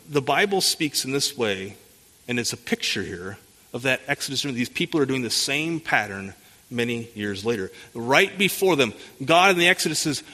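A man's voice: mid-range voice, pushed and bright. A man preaching an expository sermon, asking rhetorical questions and often restarting his phrases. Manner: frequent restarts and repeated words. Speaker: pastor. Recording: long hall reverb.

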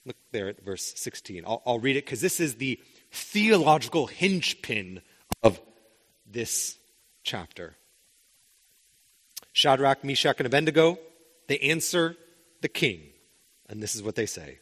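A man's voice: medium pitch, big pitch swings, unhurried, pauses often, fairly bright tone. A man preaching a sermon as the pastor, talking conversationally with rhetorical questions and frequent restarts. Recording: long hall reverb.

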